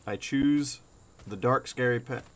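A man's voice: medium pitch, a little slow. A young man commentating as he plays a horror game, jumpy and cursing, often dropping to a scared whisper. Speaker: gamer playing a horror game. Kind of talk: let's play commentary.

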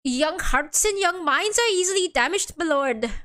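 A woman's voice: extremely high pitch, expressive, normal speed, bright, forceful tone, heavily acted. A woman voicing a cagey male defendant on trial, in a put-on Irish accent that she says is not very convincing. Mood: earnest. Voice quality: wobbly overdone brogue.

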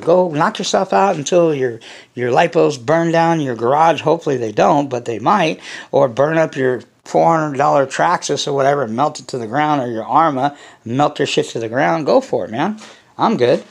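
A man's voice: on the high side, animated, fairly quick, creaky, husky. A man hosting a casual unboxing vlog, rambling and blunt, swearing freely as he talks to his viewers. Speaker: hobby channel host.

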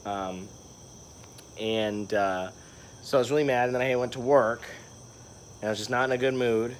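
A man's voice: mid-range voice, fairly even intonation, moderate pace, a little hiss or hum. Rambling young male vlogger. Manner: rambling, filler-heavy storytelling. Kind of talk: casual vlog monologue.

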